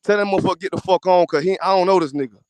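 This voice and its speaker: A man acts out an exasperated Christ with no patience left, waving off a latecomer in crude, cursing slang. The voice sits high and sounds close and dry. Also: rapid-fire, darkish tone, no echo, natural voice. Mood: dismissive. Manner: profane, dismissive street talk. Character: blunt, fed-up male Christ turning someone away.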